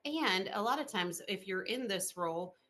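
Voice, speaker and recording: A woman podcast host chatting in an interview, expressive and full of fillers, laughing often as she tells stories. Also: mid-range voice, moderate pace. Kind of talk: casual interview chat.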